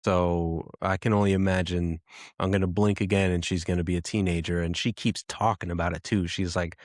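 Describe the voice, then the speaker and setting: A man in his thirties talks through a personal story as a podcast host, pausing and restarting often as he reflects. His voice sits very low. The sound is dry and close, with no room around it. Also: fairly even intonation, no room sound. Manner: reflective, halting, with frequent restarts.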